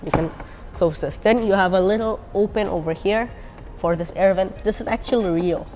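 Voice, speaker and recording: A woman's voice: mid-range voice, moderate pace, darkish tone. A woman reviewing a car on camera, casually pointing out its features as she walks around it. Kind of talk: walkaround car review vlog.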